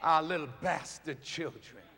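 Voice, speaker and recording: A man, a minister, delivering a fiery sermon to a large crowd. He swings from shouting down to hushed storytelling. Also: on the high side, a little slow, creaky, a little hiss or hum. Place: large indoor arena. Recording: long reverb of a large arena.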